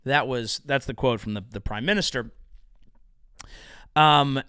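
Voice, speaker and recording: A man's voice: medium pitch, measured pace, pushed and bright, smooth, no room sound, studio quality. A young adult man hosting his own comedy show, riffing in a profane, sarcastic monologue. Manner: profane, rambling, sarcastic, slips into silly voices. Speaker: podcast host and comedian.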